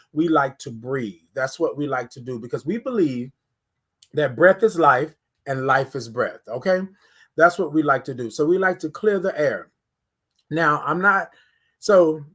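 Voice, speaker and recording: A man with a fairly high voice hosts a casual live morning stream from indoors, speaking energetically and directly to his viewers while leading them through breathing exercises. He repeats phrases a lot, and a phone or webcam held close to his face picks him up.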